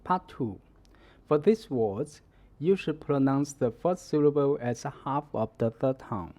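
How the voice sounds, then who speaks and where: Slow, dark-voiced man teaching tones. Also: mid-range voice, expressive. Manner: slow, careful delivery, modelling words for repetition. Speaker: Chinese language teacher. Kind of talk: slow instructional explanation.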